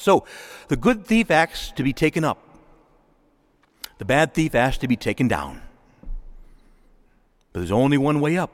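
A man's voice: medium pitch, a little slow, pauses often. A male pastor preaching a sermon in a church, voicing quotes as he goes. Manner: animated preaching with acted quotes. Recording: long hall reverb.

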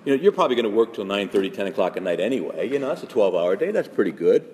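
A priest addressing his brother clergy with earnest emphasis, his pitch rising and falling in lively swings. The talk rings out in a hall with a long echo. Faint ambient hum stays in the background. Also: very fast. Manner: earnest, emphatic, conversational with asides. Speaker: priest giving a conference to priests. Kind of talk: spoken retreat talk.

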